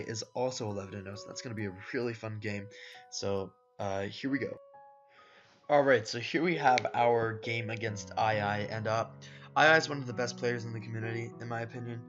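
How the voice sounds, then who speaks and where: A man records a relaxed voice-over for his competitive game matches, rambling through plays with plenty of "uh"s and "um"s. His voice sits in an ordinary middle pitch. The audio is muffled and lo-fi, and a plucked guitar tune plays clearly underneath. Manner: laid-back, rambling, lots of fillers, addresses viewers as "boys" and "guys". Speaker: competitive Pokémon player commentating his own matches. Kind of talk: casual gameplay commentary voice-over. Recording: dull lo-fi audio with background music. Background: soft guitar background music.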